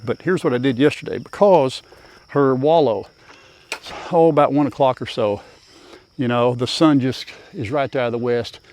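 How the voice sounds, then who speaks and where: A man's voice: mid-range voice, darkish tone. An older man, chatting casually to viewers and his animals while doing farm chores outdoors. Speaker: farm vlogger.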